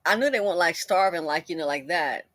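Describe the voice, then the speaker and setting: A middle-aged woman hosting a commentary video, telling personal stories in a chatty, animated way and laughing as she goes. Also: lowish voice, quick pace, no echo. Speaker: commentator host. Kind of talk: casual storytelling commentary.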